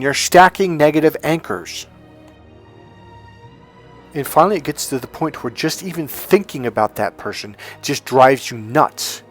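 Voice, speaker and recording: A man's voice: mid-range voice, expressive, normal speed, faint music behind. A man speaking as a dating coach in a persuasive, emphatic monologue to his viewers. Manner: emphatic, persuasive, acts out quoted voices.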